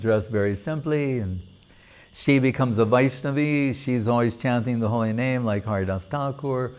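A man telling a devotional story as a sermon, in an unhurried, deliberate manner. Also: medium pitch, a little mellow, clean tone. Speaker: religious storyteller.

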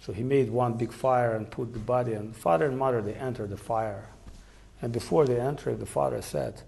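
Gravelly man telling devotional stories. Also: mid-range voice, a little mellow. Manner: halting, many fillers. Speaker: storyteller. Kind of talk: devotional storytelling.

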